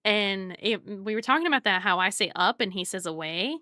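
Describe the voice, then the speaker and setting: Female streamer from the South, casual rambling chat, bright tone, dry close sound. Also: mid-range voice, expressive, fairly quick, no echo. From Southern United States. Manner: chatty and rambling, reads chat aloud, laughs often. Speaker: art streamer.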